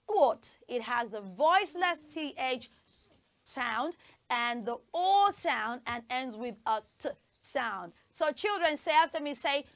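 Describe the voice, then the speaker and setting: A woman presenting a children's pronunciation lesson, spelling words out letter by letter and leading lively call-and-response drills. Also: high voice, dry recording.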